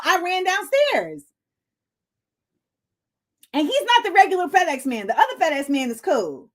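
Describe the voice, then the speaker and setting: A woman's voice: extremely high pitch, moderate pace. A woman hosting a comedic news commentary, out of breath and acting out quotes as she tells stories. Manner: animated storytelling with acted-out quotes. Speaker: host.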